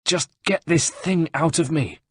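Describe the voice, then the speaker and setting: A man's voice: a little high, a little slow, husky, dry recording, studio quality, pitched above the performer's own voice. A male narrator voicing a wounded young woman thief who snarls and curses at her healer. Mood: furious. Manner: snarling, cursing, sharp-tongued.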